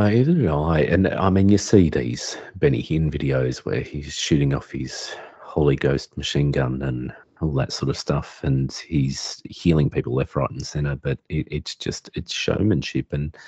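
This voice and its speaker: A man co-hosting a casual podcast chat, relaxed and quick to laugh, with a raspy voice. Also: rumbling low, dry recording, dull audio.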